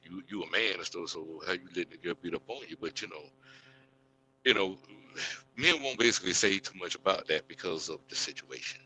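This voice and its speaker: A man's voice: sits low, brisk, sharp tone, a little hiss or hum, low-quality recording. A man as a panel guest, rambling and tacking "and stuff" onto his sentences. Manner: rambling, says "and stuff" a lot. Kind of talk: casual panel chat.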